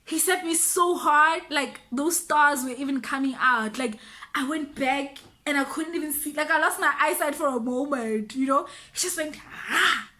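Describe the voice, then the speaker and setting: Young South African woman, high bright voice, animated storytime vlogger. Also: moderate pace. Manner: animated, switches between voices, mixes in local words. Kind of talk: casual storytime.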